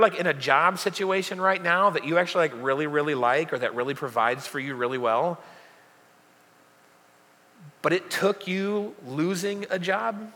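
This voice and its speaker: A man's voice: a little high, sharp tone. A young adult man preaching a casual sermon, chatty and joking with lots of fillers. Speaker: pastor. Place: church hall. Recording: long hall reverb.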